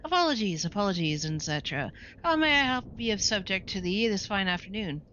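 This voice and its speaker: A woman's voice: medium pitch, expressive, a little fast, sharp tone, dull audio, a little hiss or hum. A woman voicing a long-winded female antique store owner who speaks in a stiff, old-fashioned formal way. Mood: prim. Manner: stiff, archaic, overly formal.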